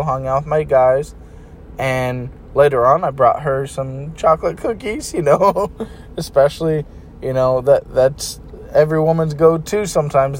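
A man's voice: fairly high pitch, a little hiss or hum. A man giving relationship advice in a casual, blunt way, talking to his listeners like buddies. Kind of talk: casual advice talk to camera.

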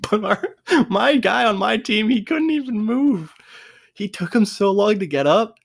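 Animated man telling a funny story. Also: sits high, slow pace, creaky, pauses often. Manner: laughs often, swears, lots of restarts. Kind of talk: casual storytelling.

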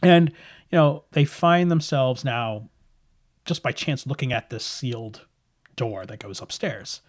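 Casual male game master, chatty, mid-pitched, restarts often. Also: unhurried. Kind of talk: narrating a tabletop horror game.

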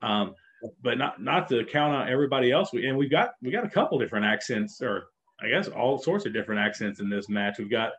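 A man's voice: medium pitch, expressive, a little fast, fairly bright tone. A man co-hosting a casual chat, talking with enthusiasm and rambling through many restarts. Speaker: podcast co-host. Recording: dull lo-fi sound.

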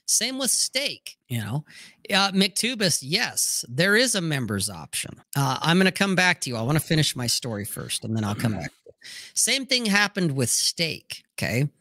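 A man hosting a casual talk show, telling stories in a profane, animated way. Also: a little high, normal speed, no echo, studio quality. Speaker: podcast host. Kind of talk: casual storytelling chat.

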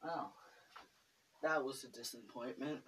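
In her own bedroom, a vlogger rambles casually to the camera, giggling and dropping filler words throughout. Her voice is medium in pitch and a touch slow, with noise in the background.

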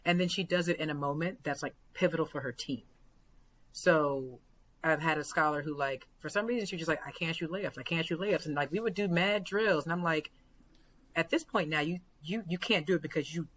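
A woman basketball coach talking earnestly as a podcast guest, full of fillers and growing excitement. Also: sits low, a little fast, a little hiss or hum, low-quality recording. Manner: earnest, many fillers, builds to excited retellings.

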